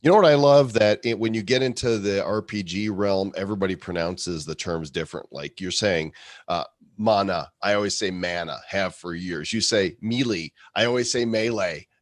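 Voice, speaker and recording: Brief: deep-voiced host on a video call, relaxed banter, dry close sound. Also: male voice, fairly quick, dry recording. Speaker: show host. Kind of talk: casual interview.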